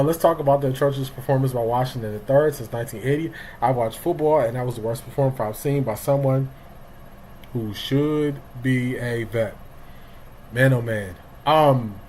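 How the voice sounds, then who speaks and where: A middle-aged man hosts a loose, talkative live stream, calling out chat names as they come in. His voice sits at an ordinary middle pitch. A faint hiss runs underneath. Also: darkish tone, rough recording. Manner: greets chat viewers by name, loose and talkative. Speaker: livestream sports show host.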